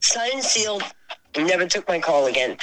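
An older woman talking earnestly in an interview, reminiscing in halting phrases that often repeat and restart. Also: lowish voice, very animated, a bit bright, low-quality recording. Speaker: guest musician.

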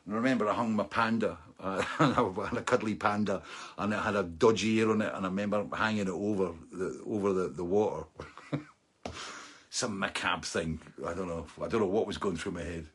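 A middle-aged man telling a story in a casual, animated way. He laughs often, restarts phrases and lets lines trail off. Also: sits low, brisk, husky.

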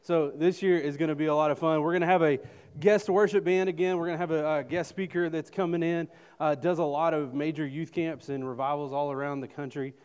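Breathless youth pastor in a hall. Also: male voice, on the high side, a little fast, smooth. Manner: energetic, joking with the crowd. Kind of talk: announcements to a youth group. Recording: echoey hall.

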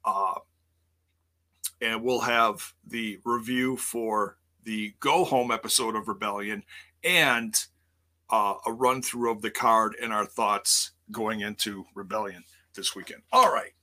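A man chatting through wrestling news on a live stream, taking his time with an unhurried pace. His voice has a bright, forceful edge, and he rambles with plenty of "uh"s and "you know"s, correcting himself as he goes and dropping jokey asides. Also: lowish voice. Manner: rambling, many fillers and self-corrections, jokey. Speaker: wrestling news show host.

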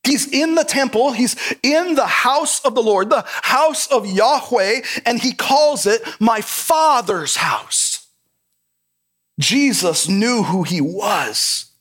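Earnest high-voiced male pastor preaching. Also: lively intonation, slow, fairly bright tone. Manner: earnest, emphatic, repeats key phrases. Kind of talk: sermon.

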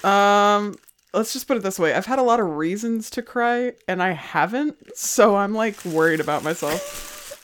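A woman's voice: mid-range voice, sing-song, moderate pace, a little hiss or hum. A woman co-hosting a podcast in casual chat, giggling, gushing and swearing freely. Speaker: podcast co-host.

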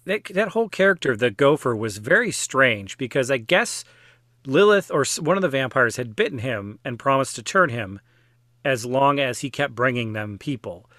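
Bright-voiced man chatting about a film. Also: medium pitch, lively intonation, moderate pace, no room sound, studio quality. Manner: chatty, wry, fillers like "like". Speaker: podcast guest or co-host. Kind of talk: casual film discussion.

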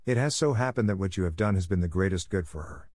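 A gentle, wise old grandmother speaks kindly and patiently, voiced by a man reading a storybook. The voice sits a touch higher than his own low tone, with no room sound at all. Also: quick pace, no echo, studio quality. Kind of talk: audiobook character voice.

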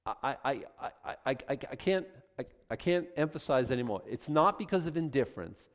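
Speaking in a mid-range voice and fairly quickly, a middle-aged man preaches as pastor. His sermon is animated, with little asides and acted-out voices for God and for people.

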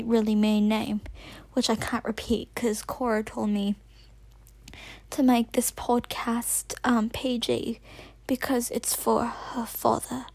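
High-voiced woman faking a British accent. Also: a little mellow, no room sound. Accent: put-on British accent. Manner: nervous, rambling, with whispered asides and self-corrections. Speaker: podcast host. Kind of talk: casual rambling monologue.

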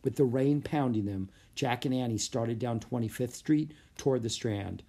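A narrator reading a children's storybook aloud in a steady, even manner. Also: medium pitch, normal speed. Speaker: audiobook narrator.

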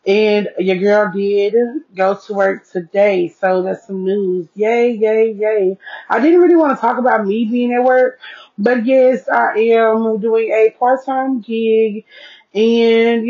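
Seated at home among her devices, this podcast host talks slowly in a darkish, somewhat high voice with fairly even intonation. It's a casual solo show: she chats folksily into an earpiece mic, frequently checking in with "okay?", over dull lo-fi audio.

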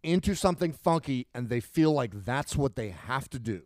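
A middle-aged man co-hosting a casual podcast chat, animated and rambling, with lots of restarts. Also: medium pitch, moderate pace, no room sound. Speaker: podcast co-host.

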